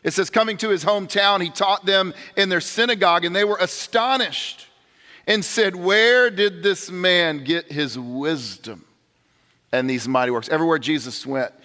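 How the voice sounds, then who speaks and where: A man's voice: high voice, moderate pace, bright, forceful tone. A man pastor preaching a sermon in a large church, earnest and direct, often restarting words as he addresses the congregation. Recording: long hall reverb.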